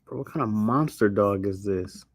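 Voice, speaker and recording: A man's voice: on the low side, moderate pace, slightly rough, no echo. A man hosting a livestream, chatting casually with viewers, rambling and slangy, laughing a lot. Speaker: livestream host.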